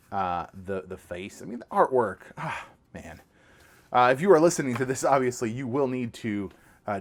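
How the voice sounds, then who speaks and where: A man hosting a casual podcast, showing off items with eager, rambling enthusiasm and lots of restarts. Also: on the low side. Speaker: podcast host. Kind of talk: casual podcast show-and-tell.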